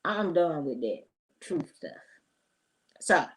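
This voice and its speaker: A woman's voice: sits low, big pitch swings, slow, low-quality recording. A woman hosting a casual commentary vlog, talking straight to her viewers in a chatty, opinionated, slangy way. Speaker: host.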